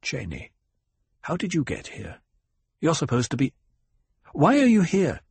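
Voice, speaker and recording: A weak young visionary who speaks in a voice that is faint but steady, as a man plays him. The tone is husky and slightly raised, recorded dry and close. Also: medium pitch, moderate pace, no echo, heavily acted. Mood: weary.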